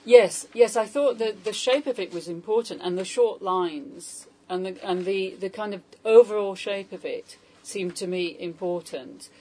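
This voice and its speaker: Speaking at a measured pace with few pauses, this woman has a medium-pitched, dark voice, captured in poor audio. A poetry translator leading a salon, she talks informally to a small group, hesitating and asking the room many questions.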